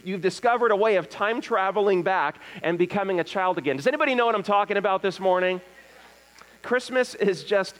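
A man's voice: a little high, rough recording. A middle-aged man preaching a Christmas sermon in a church, talking with the congregation in a conversational way, often asking "right?". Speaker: pastor. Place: church sanctuary.

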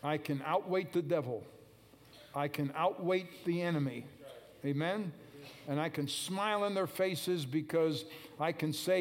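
Brief: man preacher, slightly high voice, emphatic call-and-response sermon. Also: measured pace.

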